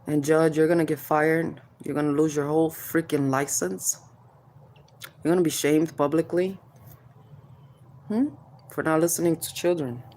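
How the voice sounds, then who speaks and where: A woman's voice: low voice, fairly even intonation, moderate pace, pauses often, a little mellow, slight background noise. A mother speaking straight to the camera, confronting officials head-on, prodding with questions and calling people "baby" as she warns them of spiritual payback. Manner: confrontational, addresses officials directly, keeps prodding "hmm?"; calls listeners "baby", spiritual warnings. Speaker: mother speaking out about child services. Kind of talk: direct-to-camera vent.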